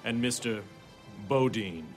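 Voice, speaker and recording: A man's voice: mid-range voice, slow pace, over loud music, pitched below the performer's own voice, natural voice. A man voicing a formal male card dealer in a comedy sketch.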